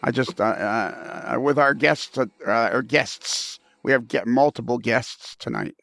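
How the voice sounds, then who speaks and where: Gravelly rambling podcast host man. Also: medium pitch, a little slow, a bit bright, no room sound. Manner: rambling, joking, stumbling restarts. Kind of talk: comedic casual podcast banter.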